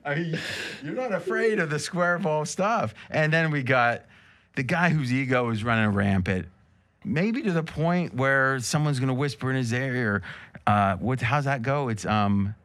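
A man's voice: medium pitch, measured pace, a bit bright. A man hosting a casual sports betting talk show, joking and teasing his guests with rambling asides. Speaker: host.

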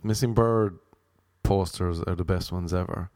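A man's voice: deep voice, unhurried, a little mellow, dry recording, studio quality. A young Irish man with an Irish accent, rambling through a loose comic monologue and drifting off on tangents. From Ireland. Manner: loose, jokey, goes off on tangents. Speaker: comedian.

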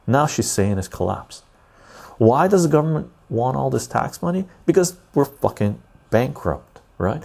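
A man's voice: medium pitch, gravelly, dark tone. A man hosting a podcast, ranting casually and profanely to his live-stream chat and tagging "right?" onto his points. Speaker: podcast host.

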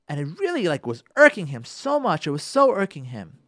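On a radio show, a man tells a story and offers marriage advice, repeating phrases for emphasis and addressing listeners directly. His slightly high, somewhat bright voice swoops wildly in pitch at a brisk clip, recorded dry in studio quality.

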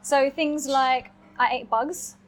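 A young woman from North London with a polished southern English accent, chatting casually as a guest about her vlogging and often trailing off softly. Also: high voice, steady tone, slow pace, faint music behind. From North London, England. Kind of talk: casual chat.

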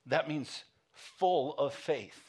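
A man's voice: fairly high pitch, very slow, a little mellow, husky. A male pastor preaching a sermon, telling a home story with frequent chuckles and then turning to earnest calls for passion. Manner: casual storytelling, chuckling often; earnest exhortation.

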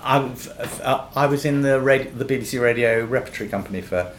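A man's voice: medium pitch, a little fast. An older man, an actor guest, telling anecdotes in a podcast interview, laughing often and acting out quoted voices. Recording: echoey room with faint noise.

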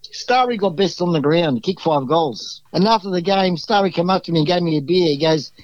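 A man's voice: fairly high pitch, brisk, dry recording, dull audio. An Australian man talking as a podcast guest, telling rambling, exuberant stories full of restarts. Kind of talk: casual storytelling.

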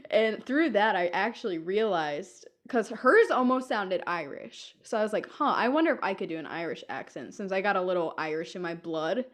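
A young woman chatting on a podcast, mid-pitched, spinning stories about her week. She breaks into laughter often and keeps a loose, conversational flow. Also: expressive, normal speed, few pauses. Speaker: podcast co-host. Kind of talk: casual chat.

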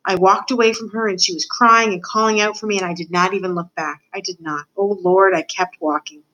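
A woman voicing a gruff, rough-spoken male prisoner in a read-aloud storybook. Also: mid-range voice, fairly even intonation, a little fast, pushed and bright, close to an everyday voice, poor audio. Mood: remorseful.

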